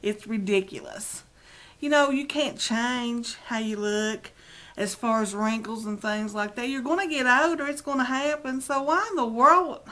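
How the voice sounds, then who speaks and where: A woman's voice: fairly high pitch, moderate pace, bright, forceful tone. A middle-aged woman, chatting to her webcam in a rambling, self-deprecating way, teary and close to crying. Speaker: video blogger. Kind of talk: casual chat to camera.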